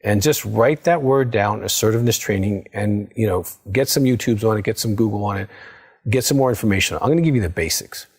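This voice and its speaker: A middle-aged male counselor with a somewhat low, husky voice. He gives earnest, coaching advice and checks in often with the listener. His delivery is steady and direct. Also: fairly quick. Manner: earnest, coaching, many "okay?" check-ins. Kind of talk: direct-to-camera advice talk.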